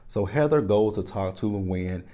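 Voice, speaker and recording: A man's voice: lowish voice, measured pace, dull audio. A man recapping a reality show in casual chat to the camera, candid and emphatic, speaking straight to his viewers. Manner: candid, animated and emphatic, addresses viewers directly.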